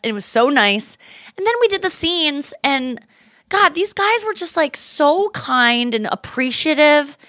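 A woman in her thirties hosting a podcast, telling stories in a casual, animated way and quoting people in her own voice. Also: high-pitched, a little slow, no room sound, studio quality. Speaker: podcast host. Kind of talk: casual chat.

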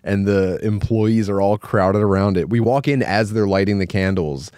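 A man with a fairly low voice co-hosts a podcast and chats casually. He rambles, trips over himself and circles back mid-sentence. The sound is dry and close, with almost no room around it. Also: moderate pace, darkish tone, no room sound. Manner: rambling, full of filler words and self-corrections. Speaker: podcast co-host. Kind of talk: casual chat.

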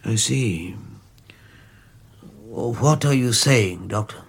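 An older man playing an anxious, protective grandfather in a vintage radio drama, halting and stammering when upset. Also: medium pitch, animated, husky, full character voice. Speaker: grandfather of a sick boy. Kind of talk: 1940s radio acting.

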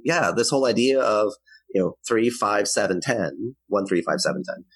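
A man's voice: sits low, fairly bright tone, husky, dry recording, rough recording. A man, apparently a parenting coach, confidently explaining ideas with examples in conversation.

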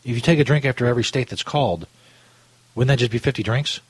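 A man hosting a comedy radio show, exasperated and sarcastic, swearing freely, with a husky voice. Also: mid-range voice, fast, no echo.

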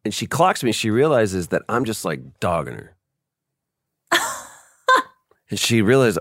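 A man being interviewed as a voice actor, telling stories in a casual, animated way and acting out quoted lines over a video call. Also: on the low side, moderate pace, long pauses, no room sound, studio quality. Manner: animated storyteller, acts out quotes. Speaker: guest, voice actor. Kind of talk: casual podcast interview storytelling.

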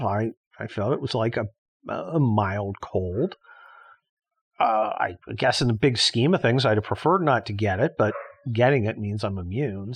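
A man hosting a podcast in a casual monologue, talking bluntly and sarcastically, swearing often and restarting his sentences. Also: mid-range voice. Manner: blunt, sarcastic, profane ranting with frequent restarts. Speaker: podcast host.

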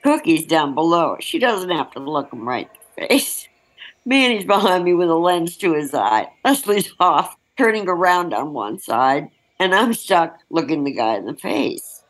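A woman's voice: fairly low pitch, big pitch swings, moderate pace, poor audio. A woman journalist telling a field story frankly in an interview, laughing now and then as she speaks. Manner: breaks into laughter while recounting, vivid and frank. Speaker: journalist recalling a field assignment.

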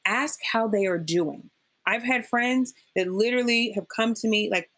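A woman with a somewhat high voice talks at a moderate pace as a podcast guest. Chatting in an interview, she speaks emphatically and brings her stories to life by acting out what others told her.

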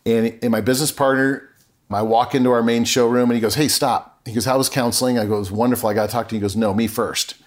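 A man's voice: medium pitch, steady tone, quick pace. A middle-aged man talking as a podcast guest, telling a personal story earnestly and acting out remembered conversations. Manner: earnest, acts out remembered dialogue.

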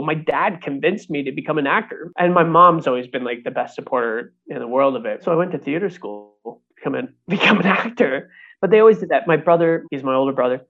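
A man's voice: fairly high pitch, brisk. A man in his thirties from Canada, an actor telling his career story casually and acting out the voices of people he quotes, often laughing. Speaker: actor and puppeteer. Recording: tinny phone-like sound.

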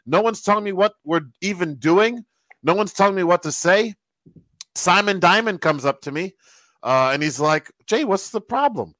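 Animated man telling a story, dry sound. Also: sits high, normal speed, no room sound, low-quality recording. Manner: animated storyteller who quotes other people. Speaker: guest telling a backstage story. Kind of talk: casual anecdote.

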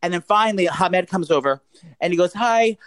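Podcast co-host, New man, quick and animated, swears freely, dry close mic. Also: high voice, no echo. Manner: rambling, profane, animated retelling. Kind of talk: casual storytelling chat.

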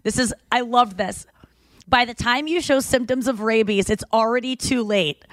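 A woman with a fairly high voice hosts a podcast at normal speed, chatting casually from a makeshift home studio with no echo. She swears freely and tells stories, acting out the people in them.

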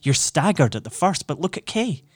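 A man reading an audiobook, voicing a cool, cynical man who lectures calmly and persuasively. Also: on the high side, normal speed, dry recording, voice pushed up. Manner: calm, smooth, lecturing.

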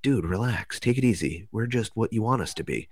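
A man voicing calm, otherworldly duck-and-robot beings, speaking in a hushed, calming tone. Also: on the low side, a little fast, slightly rough, no echo, clean studio sound. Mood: soothing.

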